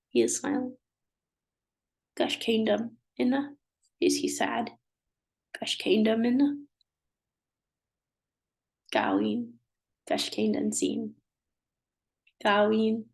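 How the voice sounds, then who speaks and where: In a creaky, medium-pitched voice that is a little mellow and slightly rough, a woman with a stuffy nose leads a language lesson. She drills slowly, repeating every phrase with patience and giving its translation.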